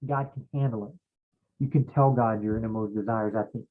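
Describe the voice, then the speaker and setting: A man's voice: fairly low pitch, steady tone, a little fast. A man leading a casual Bible study who thinks aloud, rambles and stops to search for names as he goes. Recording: muffled phone-like audio.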